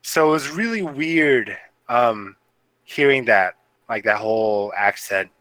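A man's voice: mid-range voice, expressive, takes it slowly, fairly bright tone, dry recording, poor audio. A man co-hosting a casual movie review podcast, rambling with lots of fillers and laughter. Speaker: podcast co-host.

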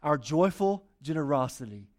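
A man's voice: a little high, big pitch swings, moderate pace. A man, preaching a sermon in a conversational way and getting the congregation to read along. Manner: conversational preaching with audience call-and-response. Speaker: pastor.

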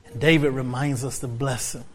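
A man's voice: medium pitch, steady tone, normal speed. A male pastor preaching a sermon, repeating phrases and building to fervent, rising exclamations.

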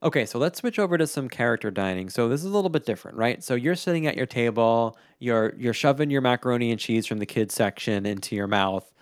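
A man co-hosting a podcast in a casual, animated chat, laughing often and jumping up in pitch when he quotes himself. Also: quick pace, hardly any pauses, no echo, clean studio sound. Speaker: podcast co-host.

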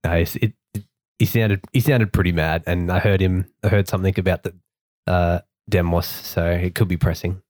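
A man's voice: sits low, steady tone, normal speed, darkish tone, no echo, clean studio sound. A man, a tabletop player, speaking in an easygoing, helpful way.

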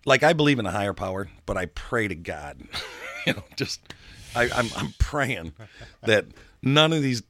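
Rambling, emphatic low-voiced man. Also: very animated, normal speed, fairly bright tone, slight background noise. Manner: rambling, emphatic, swears and laughs. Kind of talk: casual political chat.

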